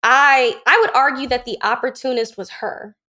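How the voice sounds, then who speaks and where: Animated higher-pitched woman telling a story. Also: normal speed. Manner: animated, acts out quoted lines. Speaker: podcast guest. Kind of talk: candid personal storytelling.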